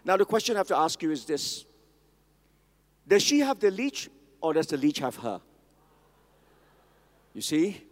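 A man preaching a sermon, telling stories and asking the audience questions. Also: on the high side. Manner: storytelling, asks the audience questions. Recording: long hall reverb.

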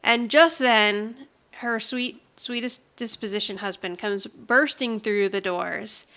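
A woman co-hosting a casual podcast, retelling a TV episode with lively storytelling and acting out the characters' lines. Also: on the high side, slow. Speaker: podcast co-host recapping a TV episode. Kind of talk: casual chat.

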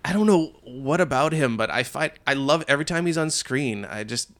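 A man's voice: mid-range voice, lively intonation, a little fast, a bit bright. A man in his thirties co-hosting a podcast, chatting casually about a TV show and laughing now and then. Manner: chatty, laughs often, acts out quotes. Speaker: podcast co-host.

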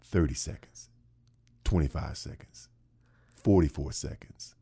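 A man from with a bass voice, telling a funny story in an animated way. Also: measured pace, gravelly, husky. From North Carolina, USA. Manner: lively, acts out the other people in his story. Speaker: guest.

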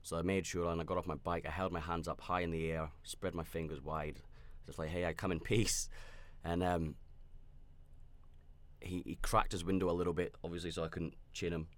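A podcast host tells a personal story in a rambling, candid, reflective way, full of restarts and fillers, and he comes across as self-aware. His voice sits low with little pitch movement and runs a little fast.

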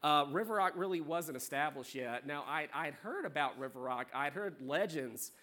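A young man from South Carolina, with a slightly high voice, lively intonation, and a moderate pace, speaks with a faint Southern accent. He's a worship leader preaching a sermon in a church sanctuary, warm and chatty, joking with the congregation.

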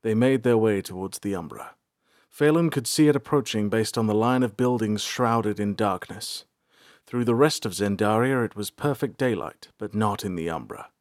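A man reading a fantasy audiobook aloud in measured storytelling. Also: lowish voice, darkish tone, no room sound, clean studio sound. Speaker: narrator. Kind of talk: scripted audiobook narration.

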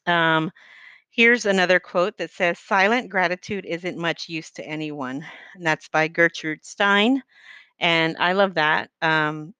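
A woman's voice: fairly low pitch, takes it slowly, bright, forceful tone, smooth, dry recording. A middle-aged woman talking earnestly in a rambling, heartfelt faith-based monologue, full of fillers.

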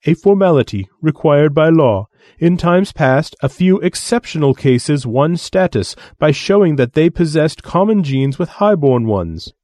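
A man's voice: fairly high pitch, very animated, a little slow, a little mellow, no room sound, voice pushed up. A man voicing a pompous alien envoy. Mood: disdainful. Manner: pompous, lecturing. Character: haughty male alien envoy, condescending and disdainful.

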